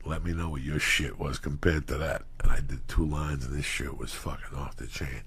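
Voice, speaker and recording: A man's voice: rumbling low, normal speed. A middle-aged man telling profane stories in a casual talk, acting out the people he quotes. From New Jersey. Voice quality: gravelly. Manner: profane, animated storytelling with acted quotes. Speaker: storyteller guest. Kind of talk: casual storytelling.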